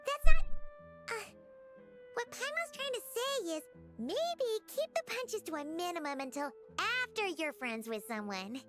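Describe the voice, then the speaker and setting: A woman voicing a tiny, excitable fairy companion girl in a video game who talks in a chirpy, bossy way. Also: very high-pitched, measured pace, heavily acted. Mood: scolding. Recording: game audio over music.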